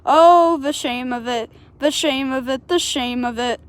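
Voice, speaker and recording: A woman's voice: high voice, a little slow. A woman voicing a big, proud, grumbling male steam engine in a storybook read-aloud. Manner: boastful, grumbling.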